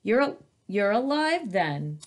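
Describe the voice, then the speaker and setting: A woman voicing a young male dragon, lonely and gentle, who asks things hesitantly. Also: mid-range voice, sing-song, takes it slowly. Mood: wondering.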